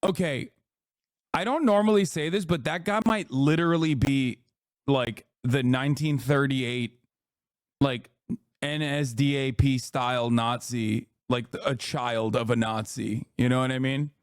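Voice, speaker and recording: A man's voice: medium pitch, measured pace, dry recording, clean studio sound. A man in his thirties giving sarcastic, joking live-stream commentary as he reacts to a clip. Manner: sarcastic, joking, laughs often.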